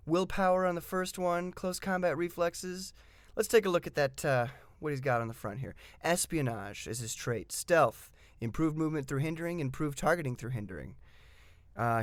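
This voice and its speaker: A man's voice: mid-range voice, dry recording. Chatty man reviewing game pieces, dry sound. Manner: chatty and enthusiastic, with frequent fillers; reads game rules aloud, then comments on them. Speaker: tabletop miniatures game reviewer. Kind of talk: casual hobby review.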